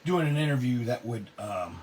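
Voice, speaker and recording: A middle-aged man, hosting a live online show and telling stories casually, salty and quick to laugh. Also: mid-range voice, lively intonation, darkish tone. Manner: laid-back Southern drawl, salty, laughs often. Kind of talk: casual storytelling to a live audience. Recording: distant mic with faint background noise.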